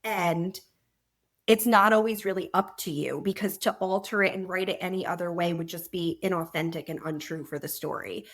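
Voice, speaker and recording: Animated woman author telling stories. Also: fairly low pitch, moderate pace. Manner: animated storyteller, laughs while telling anecdotes. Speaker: author being interviewed. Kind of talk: conversational interview.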